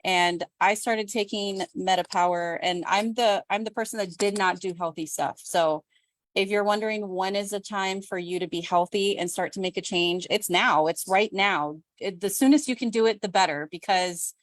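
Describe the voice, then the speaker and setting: Speaking at a moderate pace in a medium pitch, this woman is heard with no room sound. A business owner who homeschools her kids, she offers a chatty, self-deprecating testimonial on a group video call and acts out quoted voices with animation.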